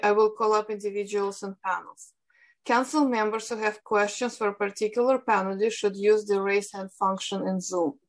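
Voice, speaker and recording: A woman with a Russian accent moderating a council hearing over a video call, reading formal procedural instructions in a measured way. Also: mid-range voice, poor audio. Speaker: hearing moderator, policy analyst.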